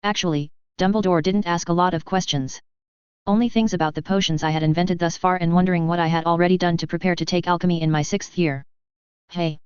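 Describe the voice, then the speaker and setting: A woman's voice: on the low side, steady tone, fast talker, darkish tone, smooth, no echo. A woman narrating a fan story in the first person with a bubbly, playful manner. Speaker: audiobook narrator. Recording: dull dry lo-fi audio.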